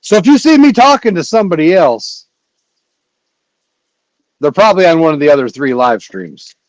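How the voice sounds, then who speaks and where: A man hosting a casual livestream, chatting in a rambling way with filler pauses. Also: on the high side, very animated, a little mellow, no echo, poor audio. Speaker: livestream host.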